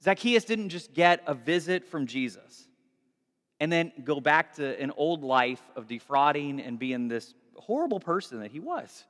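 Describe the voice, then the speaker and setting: A man preaching a sermon in a conversational, animated way, recorded in a large church hall with long reverb. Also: a little high, unhurried. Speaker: pastor.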